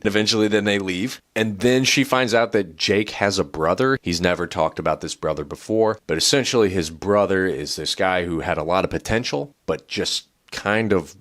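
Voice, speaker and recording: A man with a very deep voice walks through a novel's plot in a relaxed book review. He is loose and chatty, fills his sentences with "like", and drops in casual swearing. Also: normal speed, hardly any pauses.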